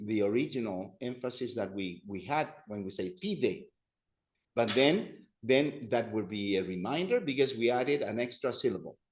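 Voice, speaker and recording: Guy teaching a class, slow and lively, kinda echoey room. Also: mid-range voice, muffled recording. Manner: animated and playful, with repeated phrases and asides to students. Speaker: Spanish teacher. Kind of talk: classroom grammar lesson.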